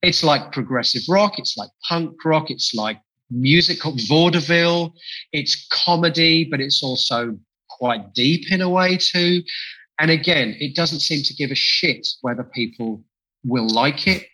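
A man's voice: a little high, a little slow, pushed and bright, rough recording. A man being interviewed as a musician guest, talking with enthusiasm and reflection, often restarting phrases. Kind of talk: podcast interview conversation.

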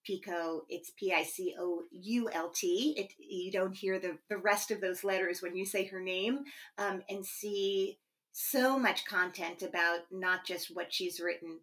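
A podcast host interviews a guest in a gushing, effusive way before closing the show. Her voice sits fairly low, with a fairly bright tone and a measured pace.

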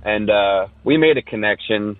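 A man tells a rambling story over a tinny phone line, with plenty of uhs and anyways. His voice sits a little low. The sound is dry and boxed-in. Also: moderate pace, no echo. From Southern California. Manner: rambling storyteller, many fillers. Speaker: caller sharing a ghost story. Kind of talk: casual recorded voice message.

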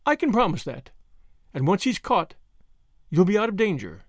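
A man doing a high, calm young woman sleuth. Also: normal speed, dry recording, clean studio sound. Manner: calm, quiet and coaxing. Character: quick-witted bold young woman sleuth.

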